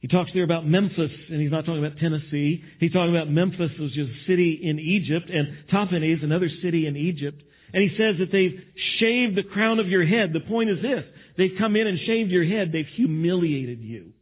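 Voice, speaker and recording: A high, husky male voice delivers an outdoor Bible teaching beside a spring. He speaks with emphasis and stacks short phrases one after another. The sound is thin and tinny, like a phone line. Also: brisk.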